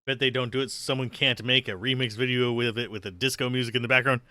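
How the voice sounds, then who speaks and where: A man's voice: mid-range voice, fairly even intonation, fast, pushed and bright, no echo, studio quality. A man streaming a role-playing game, chatting casually, reading the on-screen text aloud and calling out moves for his party. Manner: chatty, giving tactical calls to his party. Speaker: let's play streamer.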